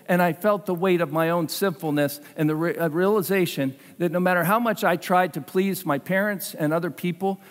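High-voiced pastor preaching in a reverberant hall. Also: male voice. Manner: emphatic, swings between loud and hushed. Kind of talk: sermon. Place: church sanctuary.

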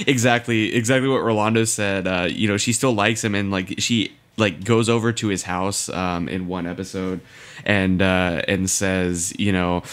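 A man's voice: low voice, fairly even intonation, normal speed, a bit bright. A young man co-hosting a casual podcast, rambling with many fillers and laughing at himself. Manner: rambling, lots of fillers, admits being drunk. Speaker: podcast co-host. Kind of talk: casual chat.

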